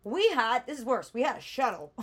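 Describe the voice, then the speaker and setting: A woman's voice: on the high side, moderate pace, breathy edge. A young woman co-hosting a casual chat, telling a long story with lots of fillers. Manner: chatty storyteller, animated with many fillers. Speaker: podcast co-host.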